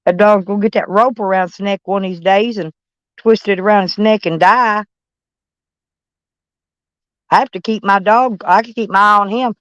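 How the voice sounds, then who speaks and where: A woman's voice: mid-range voice, steady tone, moderate pace, pauses often, no echo, dull audio. A woman chatting with viewers on a livestream, blunt and swearing freely, calling people honey. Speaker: livestream host. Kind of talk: casual livestream chat with viewers.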